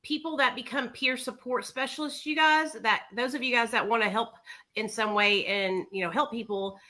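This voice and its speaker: A woman's voice: a little high, steady tone, normal speed, bright, forceful tone. A woman hosting a conversational interview who encourages her viewers and speaks straight to them. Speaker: host.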